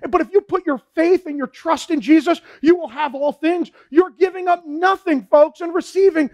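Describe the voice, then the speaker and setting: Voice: very high-pitched, normal speed, darkish tone. A pastor preaching a sermon in a fervent, repetitive way, often saying "man" and "folks".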